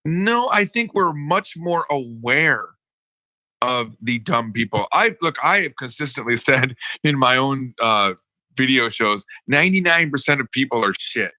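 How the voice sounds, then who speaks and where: A man co-hosting a casual podcast conversation, animated and halting, with many restarts. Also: medium pitch, dry recording, poor audio. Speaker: co-host.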